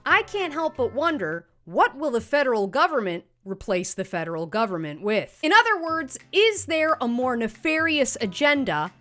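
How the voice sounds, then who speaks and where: A woman hosts a satirical show with sarcastic, punchy scripted commentary. Her voice is slightly high and swings widely in pitch. Light music plays underneath. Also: fairly bright tone. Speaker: comedy show host.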